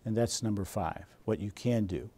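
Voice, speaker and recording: A man's voice: lowish voice, normal speed, warm tone, breathy edge. A man presenting a seminar, quizzing his audience and acting out scenes with them. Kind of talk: interactive seminar teaching.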